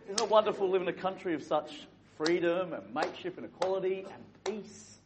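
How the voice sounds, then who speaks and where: A man's voice: sits high, brisk, a crowd in the background. Jokey Australian man hosting a quiz. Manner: jokey, teasing, chatty with the room. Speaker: quiz host for a live group. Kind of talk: playful quizmaster banter. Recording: muffled lo-fi recording.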